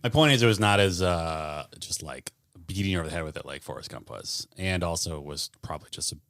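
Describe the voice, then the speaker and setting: A man's voice: deep voice, fairly quick, a bit bright. A man co-hosting a podcast, joking and rambling in casual chat, often trailing off into a mutter. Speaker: podcast co-host.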